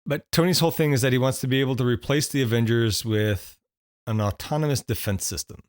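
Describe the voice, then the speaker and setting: A man's voice: medium pitch, quick pace, dry recording, studio quality. A man co-hosting a podcast, reviewing a film in casual chat, laughing often and restarting his thoughts. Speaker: podcast co-host.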